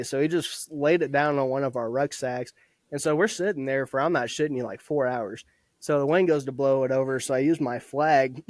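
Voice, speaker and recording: A man's voice: medium pitch, a little mellow, no room sound. Laid-back young man telling stories. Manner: laid-back, swears a lot, laughs often. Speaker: guest. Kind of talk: casual storytelling. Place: podcast studio.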